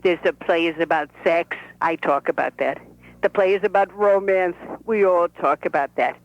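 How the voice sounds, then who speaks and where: A woman's voice: lowish voice, normal speed, close to an everyday voice. Woman voices brassy elderly grandmother, Brooklyn-Yiddish accent, talky and pushy, over a dull phone line. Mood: boastful, chatty. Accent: Brooklyn with Yiddish inflection. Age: older. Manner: brash, folksy, talks over people. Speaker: playwright performing her character. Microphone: telephone.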